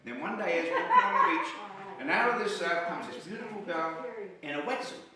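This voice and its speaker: A man telling jokes as a stand-up comedian, lively and chuckling at his own punchlines. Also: sits high, fairly quick, very echoey, distant mic, very noisy. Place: comedy venue.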